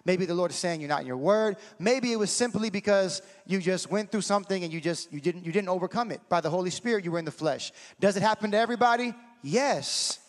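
A man's voice: high-pitched, expressive, quick pace, hardly any pauses. A man preaching a sermon, passionate and direct with the congregation, often calling out questions to them. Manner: passionate, shouting in bursts, talks to the crowd. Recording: long hall reverb.

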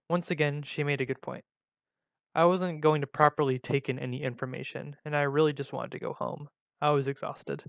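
Gravelly man reading a story. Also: on the high side, a little fast, dry recording. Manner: plain, steady reading with small slips and restarts. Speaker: story reader. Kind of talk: reading a first-person story aloud. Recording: dull lo-fi recording.

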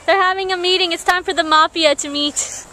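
A woman's voice: extremely high pitch, fairly even intonation, brisk, bright, forceful tone, a little hiss or hum. A young woman vlogging casually at a zoo and a craft store, joking around and narrating in silly voices. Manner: goofy, jokey narration with silly put-on voices. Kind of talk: casual vlog chat.

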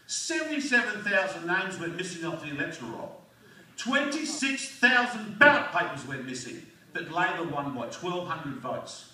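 A man's voice: sits high, pushed and bright. A man with an Australian accent giving a blunt, fired-up speech at a community forum, firing off rhetorical questions. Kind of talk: rousing political speech. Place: community hall. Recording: echoey hall recorded from far off.

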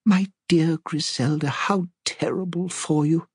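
A man voicing an elderly woman sleuth who speaks softly, politely and apologetically. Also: on the high side, fairly even intonation, measured pace, slightly rough, no echo, studio quality, voice pushed up. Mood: gentle, apologetic. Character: elderly spinster sleuth, gentle and fluttery.

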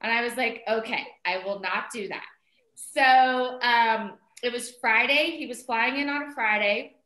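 A middle-aged woman telling a story in casual conversation, animated and chatty, full of "like" and "um" fillers as she quotes herself. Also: fairly high pitch, a little slow. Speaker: interview guest, mother of the co-founder. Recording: roomy echo.

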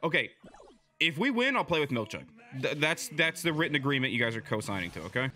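This gaming video creator is a young man narrating his own match live, excitable, chatty and quick. At times he mumbles quietly, and at others he yells loudly at his teammates.

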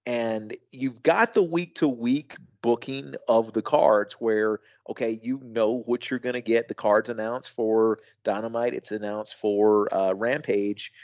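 A man co-hosting a wrestling podcast, talking in a casual, thoughtful way with halting restarts and emphatic asides. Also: mid-range voice, fairly even intonation, darkish tone, no echo, muffled recording. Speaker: podcast co-host.

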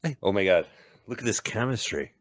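Podcast host, male, lowish voice, lively jokey film commentary, dry close sound. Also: fairly quick, dry recording. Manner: jokey, riffs on the film, playful bits of voices.

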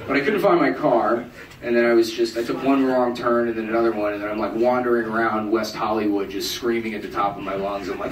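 A man in his thirties telling a self-mocking, deadpan stand-up story, acting out other people's voices. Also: mid-range voice, a little fast, recorded from a distance. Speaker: stand-up comedian. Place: live music club stage. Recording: roomy crowd bootleg from afar, noisy. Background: audience laughter.

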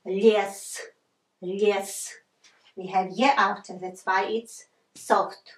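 Female teacher, slow and patient, roomy echo, mic set back. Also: medium pitch, fairly even intonation, a bit bright. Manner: patient, repeats sounds many times, apologizes for slips. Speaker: language teacher. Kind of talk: slow whiteboard lesson with repeated examples.

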